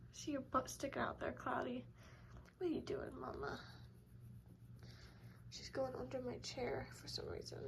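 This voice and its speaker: A woman breeder talking to her kittens in a cooing, babying way, often dropping to a hush. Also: high voice, flat delivery, unhurried, gravelly, pauses often, noisy background. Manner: cooing baby talk, soft and hushed at times. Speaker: cat breeder. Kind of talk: casual talk to kittens.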